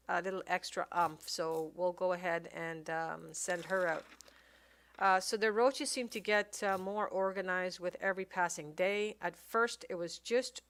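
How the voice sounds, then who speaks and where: A woman giving casual gameplay commentary, reading game text aloud and thinking out loud with many pauses and fillers. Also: fairly low pitch. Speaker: let's play commentator.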